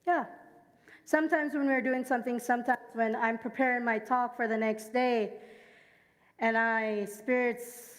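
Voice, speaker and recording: A Jamaican woman with a high voice delivers a sermon full of personal stories. She keeps asking the congregation to join in and repeat her words. Her voice carries with a long reverb through an echoey church hall. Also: steady tone, measured pace. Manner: engages the congregation, asks them to repeat lines; personal storytelling. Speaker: speaker at a church service.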